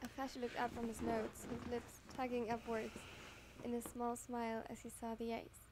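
A woman narrating a fan audio story in a dramatic, expressive, emotional reading. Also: fairly high pitch, moderate pace, noisy background.

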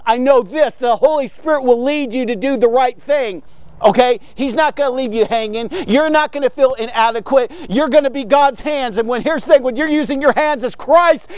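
A man hosting a video devotional, preaching with fervor, asking and answering his own questions and rising to shouts of passion. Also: very high voice, dry recording. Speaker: devotional host. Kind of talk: energetic video devotional sermon.

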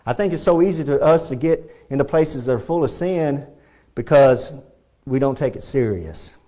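A man's voice: medium pitch, animated, normal speed, dark tone. A man with a Texan accent preaching a fervent sermon as pastor in a church, repeating his points and rising to emphatic peaks. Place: church sanctuary.

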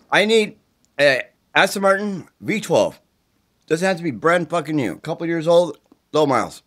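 A sick, worn-out middle-aged man rants and pleads in a slightly high voice, swearing as he goes. He sounds agitated and run down with the flu. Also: fairly bright tone. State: sick with the flu, congested and tired. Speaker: self-recording video poster. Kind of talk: rambling direct-to-camera plea. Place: indoors at his mother's home.

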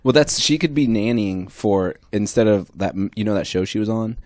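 A man hosting a comedy podcast, pitching ideas in fast, laughing, rambling bursts. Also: animated, darkish tone, no room sound. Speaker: podcast host. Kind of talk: casual comedy chat. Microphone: studio mic.

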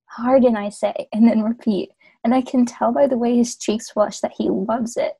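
A woman's voice: a little high, fairly even intonation, normal speed, creaky, warm tone, husky, no room sound, rough recording. A woman on a video call who reads a story aloud with friends, giggling, self-conscious and stumbling over lines. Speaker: reader in a group fanfic reading. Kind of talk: casual chat and reading aloud.

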